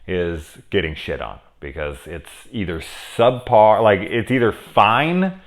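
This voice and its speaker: Deep voiced guy doing a rambly sweary review at home, right up on the camera mic. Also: lively intonation, slow pace. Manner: rambling, profane, acts out characters' lines. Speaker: horror TV reviewer. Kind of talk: casual spoken episode review. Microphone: camera mic very close.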